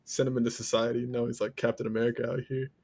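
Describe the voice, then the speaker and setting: A man co-hosting a casual comedy podcast, teasing and swearing in deadpan jokes. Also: mid-range voice, rapid-fire, gravelly. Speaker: podcast co-host.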